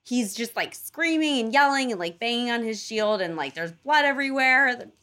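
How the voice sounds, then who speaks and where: A woman telling a story in casual chat, animated, full of fillers and casual swearing, acting out voices for the people in it. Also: a little high, normal speed. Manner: animated storyteller, acts out quoted gods in playful voices.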